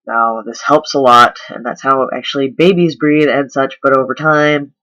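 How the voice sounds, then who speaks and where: Guy talking thru voice lowering tips, bright clear tone, chatty with lots of ums. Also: steady tone, normal speed, dull audio. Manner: chatty, filler-heavy explaining. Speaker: voice coach vlogger. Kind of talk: casual video tutorial.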